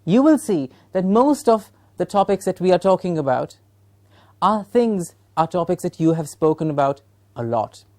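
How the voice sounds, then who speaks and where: A woman's voice: lowish voice, big pitch swings, normal speed, darkish tone. A woman with a Punjabi accent giving a recorded training lecture to teachers from a studio, asking rhetorical questions with emphatic encouragement.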